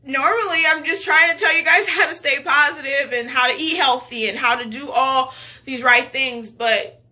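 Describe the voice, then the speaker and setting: A woman speaks in a bright, forward voice pitched a little high, confiding in her viewers through a personal video diary. Her delivery is earnest and halting, with emotional restarts. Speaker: lifestyle vlogger.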